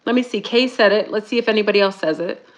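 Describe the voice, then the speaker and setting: A middle-aged woman hosting a casual talk stream, speaking in a chatty, animated way and calling her viewers y'all. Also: medium pitch, fast. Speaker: YouTube spiritual talk host.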